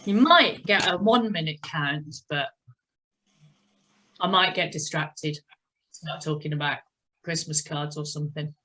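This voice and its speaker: Over a video call, a cycling instructor runs an online indoor spin class, calling out time counts between chatty asides. Her voice sits low and her tone is sharp, moving at a measured pace with frequent pauses. The audio is poor.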